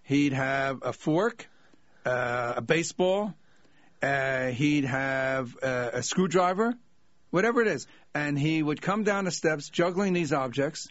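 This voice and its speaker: An older man, a comedian guest, telling anecdotes in a lively way and laughing as he goes. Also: on the high side, measured pace, dry recording. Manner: lively, laughing as he tells stories. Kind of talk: anecdotal storytelling. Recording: dull dry lo-fi sound.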